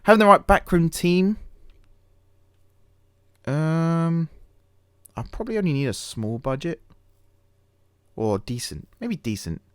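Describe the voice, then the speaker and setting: A man's voice: a little high, lively intonation, slow pace, long pauses, smooth, dry recording, studio quality. A man hosting a gaming channel, chatting casually over a management game, rambling and poking fun at himself with many fillers and restarts. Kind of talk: casual let's-play commentary.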